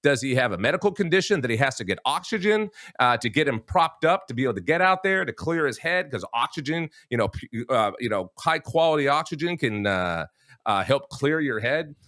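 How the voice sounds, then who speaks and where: In a mid-range, sing-song voice that runs a little fast and sounds fairly bright, the talk show host delivers an emphatic opinion monologue to his "folks." Restarts are frequent, and the sound is clean, dry studio audio.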